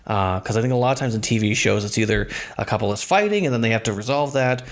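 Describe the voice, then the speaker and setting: A man's voice: on the low side, expressive, fast talker. Man, podcast co-host, casual rewatch chat, laid-back, laughs a lot. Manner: easygoing, laughs often, fillers like um and you know.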